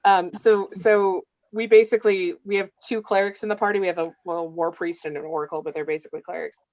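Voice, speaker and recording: Her lowish voice stays steady, brisk, and a little mellow, captured in a dry, lo-fi recording. She's a game master staff member casually chatting on a livestream video call, rambling through long game stories full of fillers.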